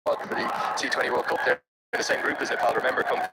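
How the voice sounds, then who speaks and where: A man with an Irish accent giving live cricket commentary, chatty and wry with joking asides. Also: fast. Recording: loud background noise over commentary.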